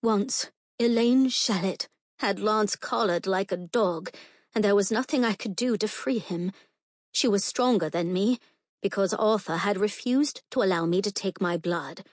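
Brief: female first-person audiobook narrator, earnest and emotional, mid-pitched, dry close mic. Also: unhurried, no room sound.

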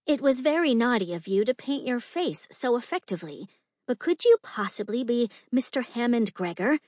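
A woman doing a high, coy young society lady. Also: very animated, moderate pace, a little mellow, dry recording, clean studio sound. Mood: coy teasing. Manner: coy, teasing.

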